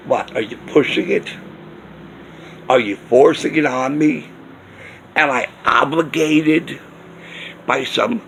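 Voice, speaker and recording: A man's voice: mid-range voice, creaky, fairly bright tone, slight background noise. A man ranting indignantly in a casual vlog, firing off rhetorical questions. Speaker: video blogger. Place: outdoors near a smoking area.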